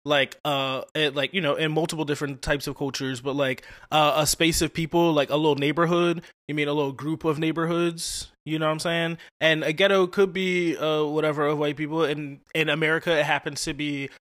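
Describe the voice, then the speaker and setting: Laid-back man with a higher voice. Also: a little fast, hardly any pauses. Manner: relaxed, slangy, joking, full of fillers. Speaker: podcast host. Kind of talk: casual conversation.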